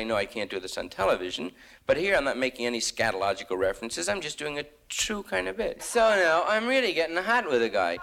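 A man's voice: mid-range voice, fairly bright tone. A young man doing a rambling, slangy stand-up monologue on stage. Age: young adult. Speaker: stand-up comedian.

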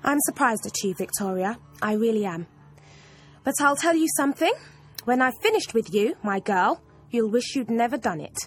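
A woman's voice: fairly high pitch, animated, normal speed, husky. A woman voicing a stern, smug female maths teacher who speaks in a cold, accusing, clipped way.

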